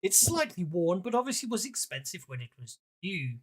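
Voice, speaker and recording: A man narrating a tabletop game as game master, chatty and halting, with many fillers. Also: sits high, very animated.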